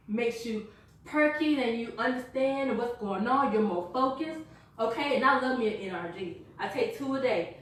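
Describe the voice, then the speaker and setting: A woman giving an energetic, chatty sales pitch to a small live group, laughing and quizzing her listeners. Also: a little hiss or hum. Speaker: product presenter. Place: echoey room with a small live audience. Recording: echoey room from far off.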